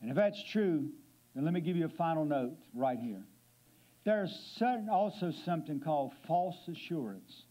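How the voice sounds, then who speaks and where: A man's voice: a little high, sing-song, moderate pace, mellow. A man preaching as a guest speaker in a church, emphatic and asking his listeners questions. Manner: emphatic, asks the congregation questions. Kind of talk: sermon. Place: church sanctuary.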